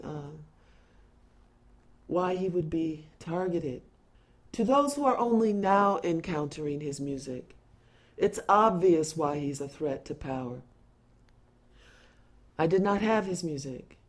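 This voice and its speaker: Earnest woman with halting delivery. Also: on the low side, a little mellow. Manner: earnest, deliberate, halting with pauses and restarts. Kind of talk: impassioned spoken address.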